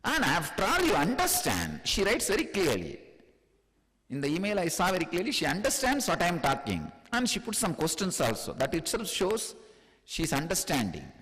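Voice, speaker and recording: Indian man, spiritual teacher, high voice, chuckling discourse, long hall reverb. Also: normal speed. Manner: chuckles often, teasing and animated.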